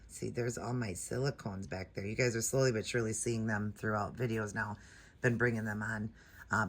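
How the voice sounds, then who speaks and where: A woman with a deep bass voice and a breathy edge vlogs from home as a doll collector. Chatty and gushing over an unboxing, she keeps addressing her viewers as "you guys."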